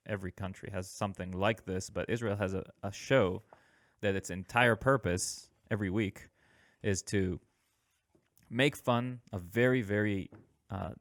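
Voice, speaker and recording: A man hosting a podcast in relaxed casual chat, laughing easily and pausing with fillers. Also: on the low side, no room sound, studio quality. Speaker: podcast host.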